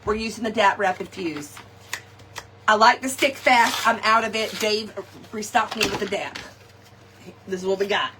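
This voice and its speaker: A middle-aged woman, hosting a live crafting chat, animated and laughing often as she tells stories to her viewers. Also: mid-range voice, normal speed, pauses often, noisy background. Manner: animated, laughing often, folksy slang, talks to viewers directly. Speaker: craft shop host.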